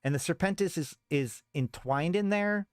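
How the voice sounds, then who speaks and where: A man's voice: fairly high pitch, moderate pace, a little mellow, clear, resonant tone, no room sound, studio quality. A man streaming a casual talk on game lore and reading a story aloud, rambling with many restarts.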